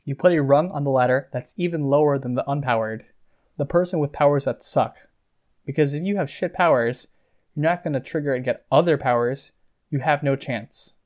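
A man's voice: medium pitch, normal speed, a little mellow, muffled recording, lightly acted. A man voicing a blunt young woman, a worried cousin who pushes with exasperated questions. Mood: urgent.

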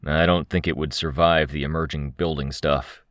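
A man voicing Tristan, a grumpy, impatient young builder, with gruff, sardonic talk. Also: rumbling low, steady tone, normal speed, fairly bright tone, dry recording, clean studio sound.

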